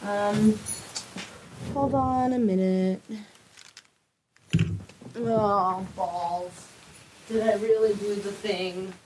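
A woman's voice: mid-range voice, steady tone, drawn-out words, pauses often, noisy background. A woman hosting a podcast, flustered and swearing as she laughs at herself, a little drunk. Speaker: podcast host. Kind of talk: casual chat.

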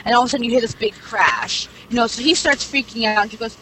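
A woman's voice: on the high side, quick pace, hardly any pauses, bright, forceful tone. Rambling young woman, noisy recording. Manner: rambling, heavy fillers, swears casually. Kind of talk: casual chat, retelling a series plot. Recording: clear background noise.

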